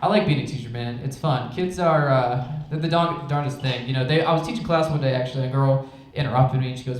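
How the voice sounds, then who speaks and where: A young man doing a stand-up set, deadpan and self-mocking as he talks about teaching. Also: a little high, brisk. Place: comedy club stage with audience. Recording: echoey club room with crowd laughter.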